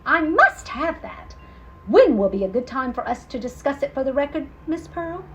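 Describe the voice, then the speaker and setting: A woman's voice: high voice, big pitch swings, moderate pace. Woman doing a fussy nervous English record keeper, polite, breathless, storybook, rising and falling, faint hiss.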